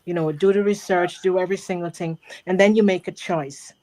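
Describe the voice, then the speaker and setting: A woman's voice: on the low side, steady tone, a little fast, warm tone. A woman hosting an interview, speaking in a hesitant, reflective way. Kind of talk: casual interview talk.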